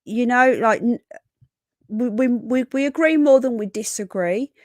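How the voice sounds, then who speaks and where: A woman's voice: a little high, unhurried, darkish tone, dry recording. Chatty woman hosting a live stream. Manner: chatty, affectionate, greets viewers one by one. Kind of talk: casual live stream chat.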